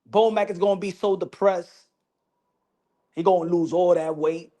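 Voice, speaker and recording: A woman's voice: on the low side, steady tone, normal speed, dark tone. A woman giving a brash, profane and mocking boxing commentary vlog.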